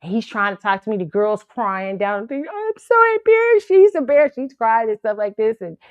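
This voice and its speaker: A woman's voice: medium pitch, fairly even intonation, fairly quick, no room sound, phone-quality sound. A woman hosting her own show, telling a story in a casual, profane way and laughing often. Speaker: show host.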